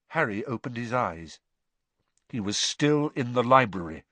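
An expressive audiobook narrator reading a story with drama and suspense. The voice sits mid-range but moves animatedly up and down. The recording is dry and close to the mic. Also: mid-range voice, unhurried, no room sound.

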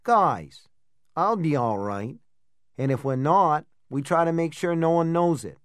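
A man's voice: on the high side, expressive, a little slow, clean tone, no echo, studio quality, voice pushed up. A man voicing a grieving, protective older brother who speaks in a muffled, tearful voice, in an audiobook. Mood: earnest. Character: grieving big sunburned brother, earnest, protective.

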